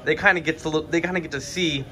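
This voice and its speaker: Bright-voiced upbeat sidekick man. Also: fairly high pitch, steady tone, fast, a little hiss or hum. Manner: upbeat, agreeable backup.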